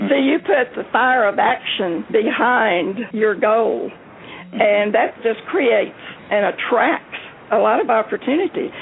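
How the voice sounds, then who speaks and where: A woman with a noticeably gravelly, fry-laden voice speaks in an enthusiastic, encouraging way as a guest on a motivational panel. The sound is narrow and tinny, like a phone line, with a faint hiss behind it. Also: fairly high pitch. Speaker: panel guest, success coach.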